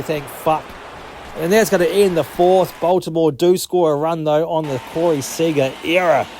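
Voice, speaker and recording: A gaming channel host with a high-pitched male voice narrates his video game like a sportscaster, cursing freely and getting fired up over every move. He's excitable and jokey, and a constant hum of background noise lies beneath his voice.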